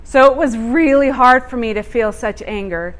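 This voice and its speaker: A woman telling a personal testimony in a sermon, animated and expressive, laughing as she tells it. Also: on the high side, normal speed. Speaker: church speaker.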